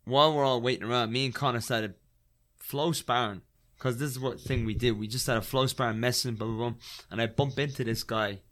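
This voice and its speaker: Bright-voiced man telling stories. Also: medium pitch, brisk. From Ireland. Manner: animated, rambling, frequent "like" and "right?". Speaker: guest, former fighter. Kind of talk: casual storytelling.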